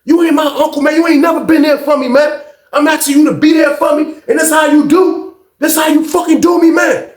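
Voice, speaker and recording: A man doing a furious young guy yelling. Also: extremely high pitch, steady tone, fairly quick, echoey room, pitched above the performer's own voice. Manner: shouting, repeats "man". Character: angry young man yelling at his uncle.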